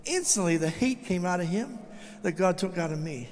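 A high-pitched older man delivering a testimony sermon, lively and storytelling, acting out the voices in his tale. His voice rings with a long reverb, as if heard in a large church sanctuary. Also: moderate pace. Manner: animated storytelling, acts out quoted dialogue. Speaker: guest speaker.

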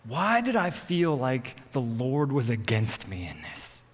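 A man preaching to his church, telling a personal story in an animated, self-mocking way and acting out what people said. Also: medium pitch, unhurried. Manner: animated storyteller, acts out quotes, laughs at himself. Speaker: pastor. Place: church hall. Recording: long reverb of a church hall.

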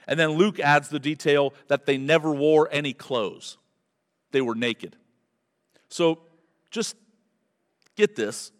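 A man preaching an expository sermon, telling the story with animated, emphatic delivery that builds to loud peaks. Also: a little high, moderate pace. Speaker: pastor. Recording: long hall reverb.

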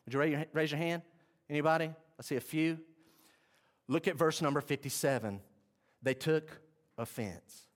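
A man preaching a sermon, swinging between loud outbursts and hushed asides. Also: on the high side, moderate pace, long pauses. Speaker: pastor. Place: church sanctuary. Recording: long reverb of a church hall.

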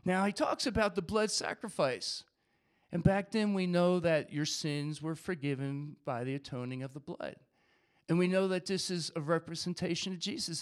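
Animated high-voiced male preacher. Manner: animated, reads scripture aloud and acts out voices of the crowd. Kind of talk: sermon.

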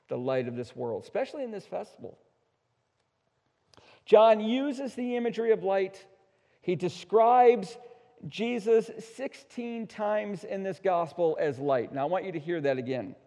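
A male pastor preaching an emphatic sermon, swinging between hushed asides and loud, slowed-down declarations. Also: sits high, gravelly. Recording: dull sound with long hall reverb.

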